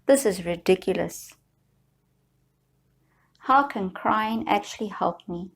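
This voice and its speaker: A woman guiding viewers through a slow, soothing tapping session, leading them in repeated affirmations. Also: medium pitch, gravelly, husky. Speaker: EFT tapping guide.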